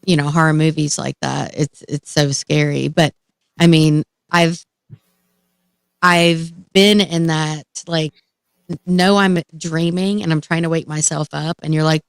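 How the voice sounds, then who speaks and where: A woman in a casual live stream chat, speaking in a halting way with lots of fillers as she recounts her experiences. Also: low voice, steady tone, gravelly, clean tone, no echo. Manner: halting, filler-heavy, breathless storytelling.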